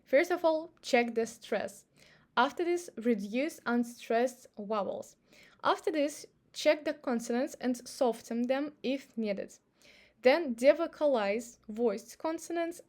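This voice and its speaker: A woman's voice: on the high side, animated, slow, darkish tone. A woman with a Russian accent, a native speaker of Russian, patiently explaining pronunciation rules step by step in a language lesson.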